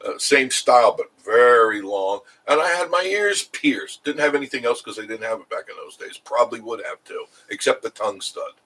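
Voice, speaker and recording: A man's voice: mid-range voice, animated, normal speed, few pauses, pushed and bright, rough recording. A middle-aged man hosting a casual live stream, rambling and chuckling as he answers viewer comments.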